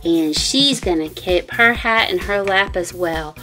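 A woman hosting a toy unboxing channel, talking excitedly to children, gasping and calling the viewers guys. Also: lowish voice, a little slow, soft background music.

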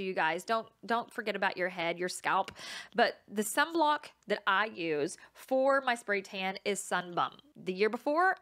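A woman's voice: medium pitch, sharp tone. A woman hosting her own podcast, telling stories in a chatty, self-mocking way and laughing often. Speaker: podcast host. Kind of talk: casual storytelling monologue.

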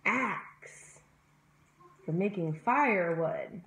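A woman leading a children's circle time, drawing each word out slowly in a lively, sing-song voice that rises and falls a lot. Her voice sits a touch high, and it rings around a roomy, echoey home room as she talks to a webcam. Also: gravelly, slight background noise. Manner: slow, sing-song and encouraging, addressing young children. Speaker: preschool teacher.

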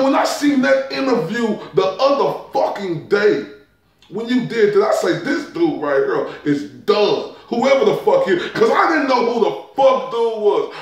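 A man hosting a boxing talk show, delivering a heated, profane, mocking rant with drawn-out emphasis. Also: high voice, far from the mic. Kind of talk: ranting commentary. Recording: very echoey room, off-mic.

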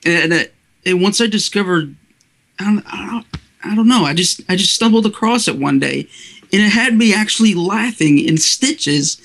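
A young man chatting casually as an interview guest, halting with many restarts and laughing often. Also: high voice, animated, creaky, a bit bright. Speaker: interview guest, video maker. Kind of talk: casual chat.

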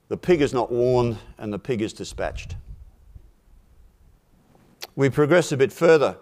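A man speaking at a forum, telling a simple fable in a measured, deliberate way and dropping his voice for punchlines. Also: fairly low pitch. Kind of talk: storytelling a fable in a talk.

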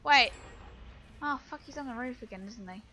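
A woman's voice: on the high side, moderate pace, sharp tone, slight background noise. A young woman streaming a video game, swearing and taunting another player in a raging, profane way. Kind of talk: live gameplay commentary.

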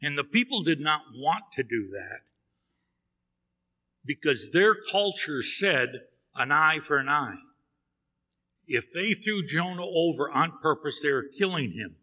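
A man's voice: fairly high pitch, expressive, unhurried, pauses often, pushed and bright, long reverb tail. A man preaching a sermon in a church, telling a Bible story and acting out the characters' lines. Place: church sanctuary.

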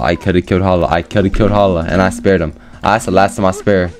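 A young man doing casual gameplay commentary as a gaming YouTuber, joking to himself and then breaking into loud, excited yelling. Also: low-pitched, quick pace, faint music behind.

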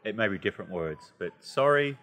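A man with an Australian accent giving a casual, chatty English lesson, animated and playful, with many asides. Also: lowish voice, fairly quick, long reverb tail. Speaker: English teacher.

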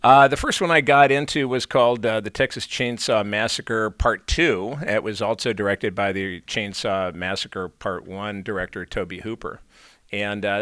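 Low-voiced, bright-toned male storyteller. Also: no room sound. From Illinois, USA. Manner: rambling and anecdotal, many fillers and restarts. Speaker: actor, interview guest. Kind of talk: casual storytelling in an interview.

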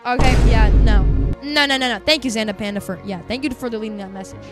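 A man with a high, youthful-sounding voice, chattering casually to his viewers during a live game stream and bursting into loud excited outbursts. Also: fast, loud music behind the voice. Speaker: game livestreamer.

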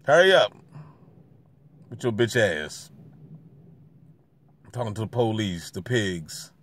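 A man filming himself beside a street on a handheld camera keeps up a slangy commentary, veering between quiet mutters and loud jeers. His delivery is slow and sing-song.

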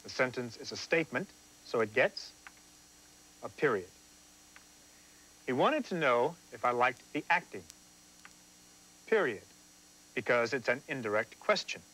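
Animated, dry-humored male TV teacher. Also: mid-range voice, a little slow, long pauses, rough recording. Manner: dry, self-deprecating, explanatory. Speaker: teacher and host. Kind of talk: scripted TV lesson.

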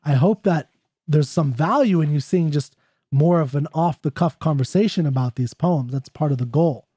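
A man giving an off-the-cuff lecture on a poem, talkative and excited, reading quoted passages aloud between his own comments. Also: a little high, normal speed, slightly rough, no room sound, studio quality. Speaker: poetry lecturer.

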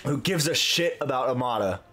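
A man's voice: mid-range voice, animated, a little fast, noisy background. A man giving casual let's play commentary, bossy and profane, laughing often.

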